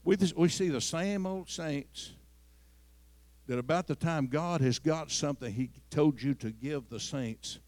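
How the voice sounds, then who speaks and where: A man preaching a sermon as pastor, moving between quiet storytelling and loud, climbing declarations. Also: on the high side, no echo. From Missouri. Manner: swings from soft storytelling to loud, rising preaching.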